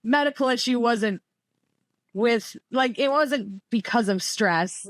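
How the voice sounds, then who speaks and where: A woman's voice: fairly high pitch, slow pace, no room sound. Midwestern woman in her 30s, podcast guest, rambly and filler-heavy, dry close mic. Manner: chatty, rambling, many fillers like "like" and "you know". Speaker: podcast guest, former coaching client. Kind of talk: casual conversational interview.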